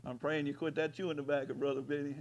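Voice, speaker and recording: A man preaching a folksy sermon as pastor, rising at times to loud hollers. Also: fairly high pitch, flat delivery, fast talker, highs cut off, slight background noise.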